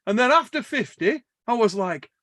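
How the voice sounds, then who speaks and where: This podcast host has a very high voice and talks at an ordinary pace. Swearing heavily and laughing through his story, he keeps the casual chat animated, captured in a dry, studio-quality recording.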